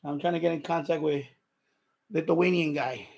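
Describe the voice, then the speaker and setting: A man's voice: a little high, steady tone, normal speed, vocal fry, darkish tone. A man talking casually and out of breath on a live stream about his ham radio, laughing to himself as he moves gear around his setup.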